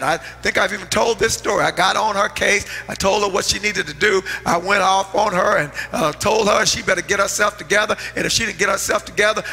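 Man, middle-aged pastor, storytelling sermon, bright husky voice, long church reverb, faint music. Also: sits high. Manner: storytelling preacher, swings from loud to hushed. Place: church sanctuary.

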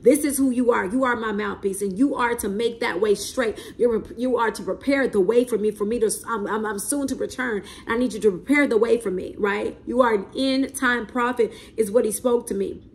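A woman's voice: fairly high pitch, normal speed, few pauses. A woman, preaching prophecy in a spontaneous, emphatic way, repeating herself and often asking "okay?" and "right?". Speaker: self-described prophet.

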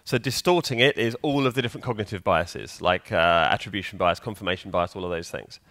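A man's voice: low-pitched, a little fast, fairly bright tone, no echo. Chatty man quizzing a conference audience. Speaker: conference speaker. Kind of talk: conference talk. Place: conference hall.

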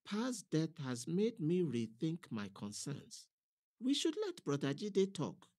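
A man's voice: on the high side, huge pitch swings, slow, a little mellow, voice pushed up, exaggerated voice. A man voicing an aggrieved, earnest junior pastor in a monologue.

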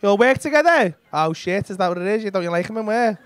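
Male comic, crowd work, lively bright delivery, noisy club room. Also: high voice, quick pace. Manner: cheeky, sweary banter with audience members. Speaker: stand-up comedian. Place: comedy club stage. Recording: live club with audience laughter.

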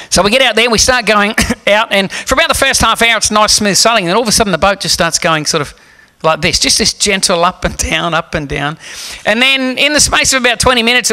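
A man preaching a sermon, telling a story in an animated, humorous way. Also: high-pitched. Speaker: pastor.

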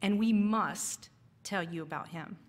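A brave teenage girl pleads earnestly and slowly, as a woman reads her lines aloud. Her words ring out with the long reverb of a church hall. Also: medium pitch, close to an everyday voice.

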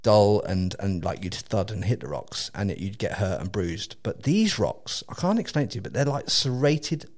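A man from England with an English accent, hosting a casual chat and telling an animated, laugh-filled story with lots of swearing and restarts. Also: fairly low pitch, moderate pace, hardly any pauses. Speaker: podcast host.

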